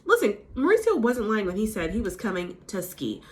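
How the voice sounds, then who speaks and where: A chatty woman talks through a reality show episode in a casual recap. Her pitch swings up and down a lot as she gets animated. Now and then she mimics the people she is talking about. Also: a little fast. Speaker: recap host.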